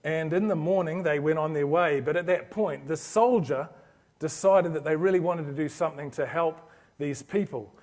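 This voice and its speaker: Speaking at a moderate pace in a slightly high voice with a darkish tone, a business speaker addresses a live orthodontics audience. His motivational talk is earnest and anecdotal, and he frequently restarts as he tells his story.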